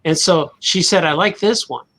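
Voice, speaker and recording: A man with a slightly high voice, chatting easily among friends on a podcast. He speaks relaxed and often trails off quietly at the ends of his phrases. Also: normal speed, low-quality recording. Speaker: podcast co-host. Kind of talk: casual chat.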